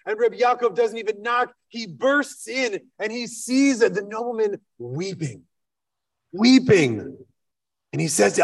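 High-voiced rabbi telling a story from afar. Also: male voice, unhurried, creaky. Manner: animated, with fillers. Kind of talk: sermon storytelling. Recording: distant mic.

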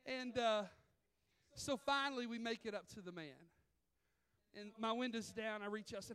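Animated preacher, high voice. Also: male voice, normal speed, smooth. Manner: animated, acts out voices in stories. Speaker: pastor. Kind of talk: sermon with storytelling. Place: church sanctuary.

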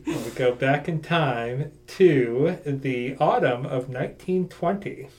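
A man's voice: mid-range voice, slow pace, darkish tone. A man co-hosting a local newspaper podcast, playful and dry, reading old news aloud. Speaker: podcast co-host, night editor.

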